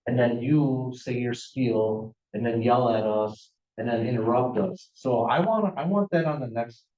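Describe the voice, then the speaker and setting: A man's voice: mid-range voice, a little slow, roomy sound, lo-fi sound. A man speaking as a board trustee at a village meeting, insistent and accusatory. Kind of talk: heated public meeting debate. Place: village hall meeting room.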